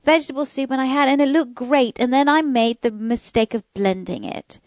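A woman's voice: high-pitched, brisk, no echo, lo-fi sound. A woman, a mother and co-host, chatting casually with enthusiastic, self-deprecating humor. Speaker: co-host and pet expert. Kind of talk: casual chat.

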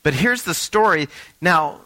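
A man's voice: fairly high pitch, expressive, a little slow, sharp tone, poor audio. A man preaching a sermon, talking to the congregation in a conversational way and asking them questions. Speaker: pastor.

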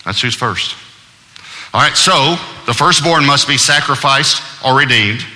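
A man preaching a sermon as pastor, emphatic and conversational, with humor and deliberate pauses. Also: medium pitch, bright, forceful tone, big-room sound.

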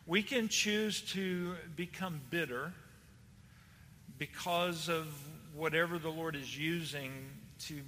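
A man's voice: on the high side, slow pace, sharp tone, in a large hall, slight background noise. A man with a Texan accent, a pastor preaching to his congregation in a folksy, chatty way with fillers and restarts. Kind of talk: sermon to a congregation.

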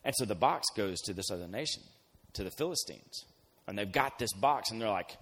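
A man's voice: lowish voice, expressive, fairly quick, fairly bright tone. A man casually retelling a Bible story as a youth pastor, acting out the characters in slang. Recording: long hall reverb.

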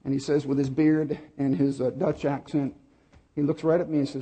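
A middle-aged man preaching a sermon, telling a personal story with pauses and repeated words. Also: fairly high pitch, flat delivery, mellow. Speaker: pastor.

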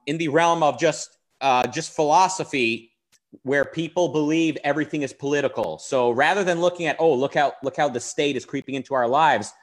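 A man with a voice pitched a little above the usual, co-hosting a relaxed philosophical talk show. He thinks aloud in long, winding sentences. He often breaks off, restarts and hedges his own points. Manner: discursive, qualifies his statements, frequent restarts. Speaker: co-host. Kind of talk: casual philosophical discussion.

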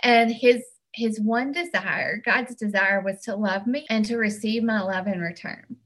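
A woman's voice: medium pitch, steady tone, measured pace, a bit bright. A woman giving a personal faith testimony, earnest and heartfelt, sometimes restarting her words. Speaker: church member giving testimony.

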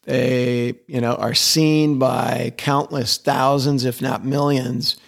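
Gravelly-voiced man telling stories. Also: medium pitch, flat delivery, takes it slowly. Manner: enthusiastic storyteller, repeats words as he restarts, chuckles. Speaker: interview guest, advertising executive. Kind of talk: conversational interview.

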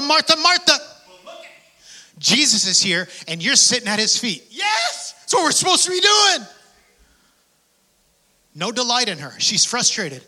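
A man delivers a sermon in a high and strikingly bright, cutting voice. He drops to near-whispers, then climbs to fervent shouts. He acts out prayers as little dialogues. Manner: swings from hushed whispers to shouted passion. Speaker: preacher.

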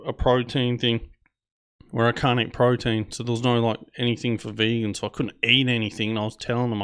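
Smooth-voiced Australian man telling a story. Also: medium pitch, a bit bright. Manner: laid-back, profane, chatty with frequent fillers. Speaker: podcast host. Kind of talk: casual storytelling.

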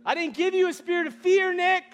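A man voicing a gentle divine spirit, soft-spoken and reassuring, inside a sermon. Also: very high voice, fairly even intonation, a little fast.

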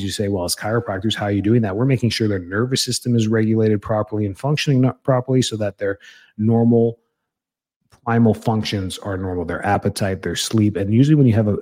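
Male, 30s, chiropractor-host; casual, low, mellow advice voice. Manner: conversational, with many fillers and restarts, acts out parent and child lines.

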